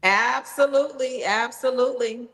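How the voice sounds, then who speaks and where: A woman's voice: sits high, normal speed, fairly bright tone, big-room sound, rough recording. A woman hosting a live online book promotion, upbeat and encouraging as she urges viewers to buy. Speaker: livestream host.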